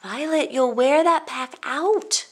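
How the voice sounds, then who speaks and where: A woman voicing a gentle, fond mother in a storybook. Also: high-pitched, takes it slowly, pitched above the performer's own voice. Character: kindly mother of a young girl.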